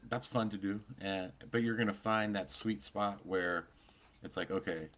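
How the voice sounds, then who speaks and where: A man's voice: fairly low pitch, fairly even intonation, moderate pace, a bit bright. A man co-hosting a live stream in casual chat, talking in a loose, rambling way full of fillers. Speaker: co-host.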